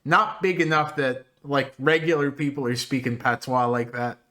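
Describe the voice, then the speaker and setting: A man from Canada, co-hosting a podcast, chatting casually with bursts of high laughter. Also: fairly even intonation, moderate pace, bright, forceful tone. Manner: bursts of high laughter, goofy slang imitations. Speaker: podcast co-host.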